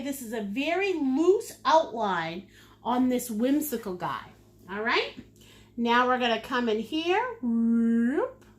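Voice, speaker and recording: A woman leading a live painting lesson, chatty and playful, with sing-song asides. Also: high-pitched. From United States. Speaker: painting instructor.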